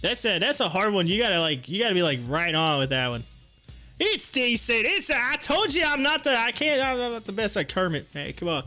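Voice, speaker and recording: A man hosting a live stream in relaxed, rambling chat, laughing often as he talks. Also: sits high, a little fast, faint music behind. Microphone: headphones on.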